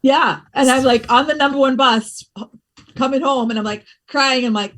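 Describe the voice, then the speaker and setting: Animated, expressive woman podcast guest. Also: high voice, moderate pace. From East Coast of the US. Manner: animated storyteller, expressive, laughs while talking. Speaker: podcast guest, fitness business owner. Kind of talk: casual conversational interview.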